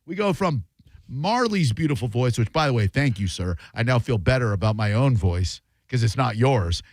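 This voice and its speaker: A man's voice: mid-range voice, lively intonation, normal speed, no room sound. A male radio host taking callers in a studio, talking in a mocking, sarcastic way. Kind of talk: call-in radio talk.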